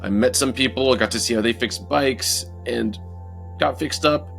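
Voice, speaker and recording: A man telling a personal story in a casual, animated motivational talk, acting out moments as he goes. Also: medium pitch, normal speed, creaky, faint music behind. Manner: animated, acts out his own story with lively asides. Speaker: motivational speaker.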